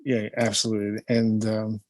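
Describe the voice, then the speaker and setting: A man, a playwright and teacher, talking casually and thoughtfully, pausing often with ums and uhs. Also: lowish voice, completely flat delivery, dry recording. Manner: slow, thoughtful, with many hesitations. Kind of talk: casual conversation.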